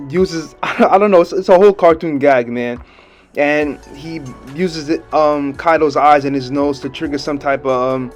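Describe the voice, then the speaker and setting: A young man giving a casual video review of a comic chapter, talking in a laid-back, slangy way and laughing often. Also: a little high.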